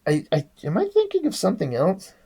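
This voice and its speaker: A man's voice: high voice, huge pitch swings, brisk, warm tone, slightly rough. A man giving a casual, rambling comic book review in a sarcastic tone, swearing often.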